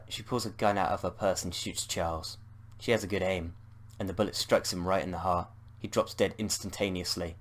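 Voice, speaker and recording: British gamer reading a text game. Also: male voice, sits low, steady tone, fairly quick, a bit bright. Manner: playful, swears at slip-ups.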